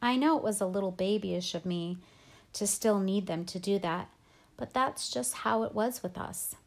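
A woman reading a novel aloud in first person, at a calm, steady pace with brief offhand asides. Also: medium pitch, normal speed. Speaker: audiobook reader.

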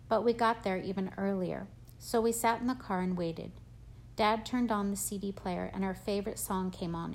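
A woman's voice: mid-range voice, a little mellow, a little hiss or hum. Woman reading a story aloud. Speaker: audiobook narrator. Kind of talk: first-person novel reading.

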